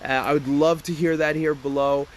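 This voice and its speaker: A man's voice: fairly high pitch, level tone, slight background noise. A man casually telling a property investment story to his audience, acting out the voices of the people in it with a laugh, and greeting passers-by as he goes. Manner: acts out dialogue in quick asides, laughs between points; greets passers-by mid-talk.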